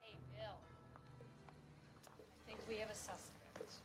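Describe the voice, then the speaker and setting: A woman's voice: medium pitch, level tone, slow pace, faint music behind, lightly acted. An actress playing a police officer who briefs her partner in a matter-of-fact way. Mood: briefing. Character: businesslike adult woman police officer.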